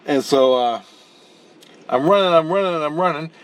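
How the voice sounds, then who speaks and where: A channel host recounts a long spirit-world dream in a casual, rambling way, blunt and profane, often restarting and repeating words while animatedly acting out the action. His voice is a little high, at a moderate pace with a clean tone.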